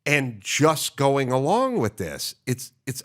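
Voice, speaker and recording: Chatty man host with animated pitch. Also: slow. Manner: chatty anecdotal storytelling, wry. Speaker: podcast host, interviewer. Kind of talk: unscripted conversational interview.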